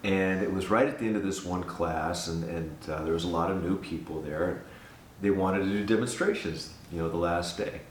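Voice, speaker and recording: Older guy with a deep voice telling his story, echoey room, mic kinda far off. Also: normal speed, a little hiss or hum. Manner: earnest, animated storyteller who repeats himself. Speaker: guest giving a testimony. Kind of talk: casual spoken testimony. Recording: roomy sound from a distance.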